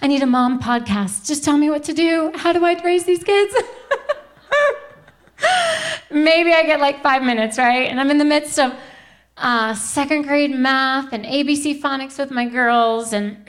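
A woman's voice: high voice, moderate pace. A woman in her thirties giving a heartfelt faith testimony to a live audience, earnest and chatty with laughing asides to the crowd. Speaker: Christian speaker.

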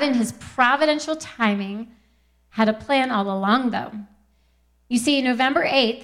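A young woman giving a Christian testimony talk, earnest and quick to laugh, often quoting scripture. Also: fairly high pitch.

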